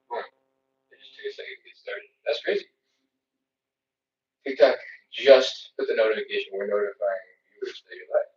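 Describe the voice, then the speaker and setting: A man's voice: fairly low pitch, a little mellow. A man leads a live stretching class, talking casually and calling out each rep. His voice comes from a distance in an echoey room. The sound is muffled and lo-fi. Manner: chatty, self-mocking, counts reps aloud. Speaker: stretching instructor. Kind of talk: live follow-along workout coaching. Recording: roomy, distant, dull lo-fi.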